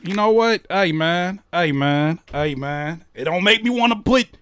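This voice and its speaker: A man in casual reaction commentary whose high voice leaps all over the place. He cracks jokes and throws in profane slang. The sound is dry and close up. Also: unhurried, clean tone, no room sound. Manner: animated, joking, rereads lyrics aloud. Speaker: reaction host.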